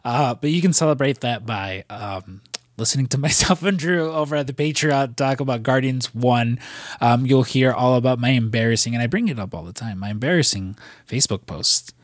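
A man's voice: medium pitch, brisk, dry recording, clean studio sound. A man co-hosting a casual podcast, talking in a rambling way with lots of fillers and casual swearing. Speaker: podcast co-host.

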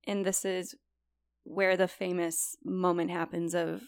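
A woman's voice: lowish voice, level tone, unhurried, clean tone, no room sound, studio quality. A young woman casually telling a true story on a podcast, chatty and full of likes and you-knows.

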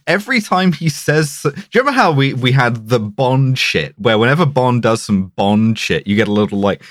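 A man's voice: medium pitch, fairly bright tone, no room sound, clean studio sound. A man co-hosting a casual film podcast, recapping scenes and dropping into playful put-on voices. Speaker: podcast co-host. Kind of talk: casual film-review chat.

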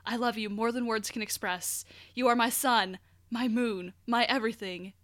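A woman's voice: on the high side, steady tone, moderate pace, a bit bright, no room sound, clean studio sound, close to an everyday voice. A woman reading aloud as a gushing young male vampire who gives a sappy, flowery love speech in a comic fanfic.

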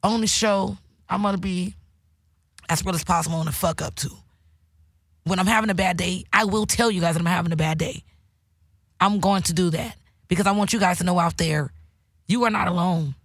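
A woman's voice: fairly low pitch, fairly quick, long pauses, breathy edge, no echo. Woman podcast host, emotional, swears a lot, dry close mic. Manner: emotional, preachy, heavy swearing. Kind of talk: candid casual podcast talk.

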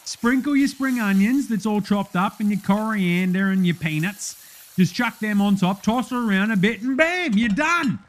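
A man's voice: high voice, animated, moderate pace. A man playing a brash, blokey Australian cooking-show host in a comedy sketch, matey and full of slang. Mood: jolly, blokey. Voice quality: loud, matey, slangy, laughing at himself.

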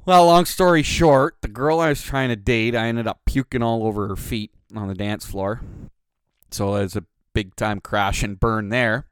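A man's voice: fairly low pitch, moderate pace, smooth, no echo, clean studio sound. A man hosting his own podcast, telling a rambling, profane, self-mocking story in a casual way. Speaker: podcast host.

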